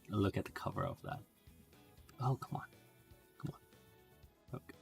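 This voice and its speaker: A man with a gravelly, fry-laden voice chats through a game stream on almost no sleep. He rambles like a joking lecturer and breaks into laughs, with faint game music under him. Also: low-pitched, huge pitch swings, a little slow, pauses often. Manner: rambling, mock-professorial, laughs often. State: sleep-deprived. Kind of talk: casual live-stream game commentary.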